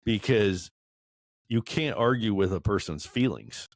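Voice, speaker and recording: Deep-voiced earnest man in a group talk. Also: lively intonation, a little slow, no room sound, clean studio sound. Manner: earnest, self-deprecating, laughs while telling stories. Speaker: podcast panelist. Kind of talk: candid group discussion.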